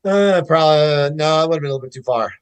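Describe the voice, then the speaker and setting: A man's voice: a little high, fast talker, no room sound, poor audio. Man, casual podcast chat, candid, swears, dry close sound. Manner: candid, swears freely, hesitant restarts. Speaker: podcast guest.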